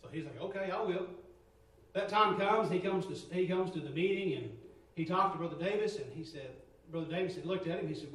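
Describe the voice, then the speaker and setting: Fervent high-voiced man preaching in an echoey church. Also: fairly quick, pauses often, far from the mic. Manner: fervent, rising to near shouts, dropping low for quoted stories. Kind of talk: sermon. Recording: roomy echo, from off-mic.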